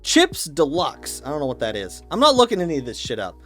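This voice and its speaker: A man's voice: medium pitch, huge pitch swings, very fast, sharp tone, faint music behind. A man ranting casually and with mock certainty, swearing a lot and rambling through restarts. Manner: opinionated, profane, mock-dogmatic. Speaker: YouTuber ranking snacks.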